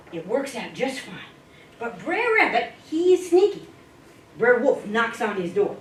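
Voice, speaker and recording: A woman telling a folk tale to a speaking club with dramatic, playful delivery. Her fairly high voice leaps around with lively swoops. She is picked up from a distance in an echoey room with a faint hiss. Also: measured pace. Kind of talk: animated folk-tale storytelling.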